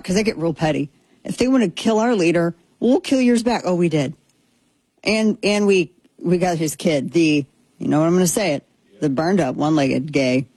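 A woman's voice: fairly low pitch, darkish tone, husky, no room sound, low-quality recording. A woman hosting a political talk show, giving sarcastic, rambling commentary and riffing on jokes. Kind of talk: opinionated casual commentary.

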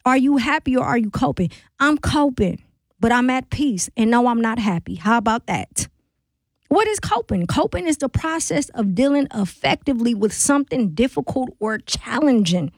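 Female radio host, slightly high voice, dry studio sound, earnest and reflective with sermon-like repetition. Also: lively intonation, normal speed, no room sound. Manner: earnest, reflective, preacher-like cadence. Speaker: radio talk show host. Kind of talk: call-in talk radio.

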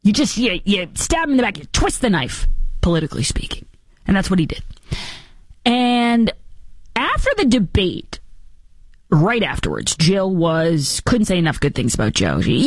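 Her voice sits on the high side with big pitch swings at normal speed, recorded dry and in studio quality. As a radio talk show host, she offers mocking, sarcastic political commentary, doing silly-voiced impressions.

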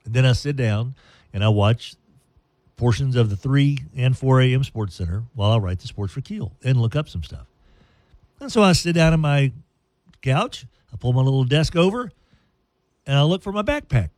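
A man hosting a radio show, telling a long funny story with playful, animated delivery and silly put-on voices. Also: medium pitch, normal speed, no room sound.

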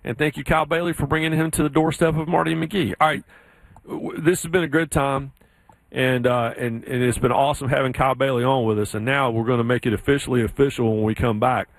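Southern sports radio host, animated storyteller, dry studio sound. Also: male voice, fast talker, no echo. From South Carolina. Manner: animated storyteller, mimics others in high voices. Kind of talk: casual sports radio chat.

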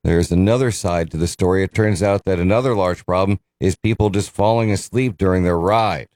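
A man's voice: low-pitched, fairly quick, a little mellow, no echo, studio quality. A man hosting a morning radio show, chatting casually and rambling a bit, correcting himself as he goes. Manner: rambling, self-correcting, chuckles.

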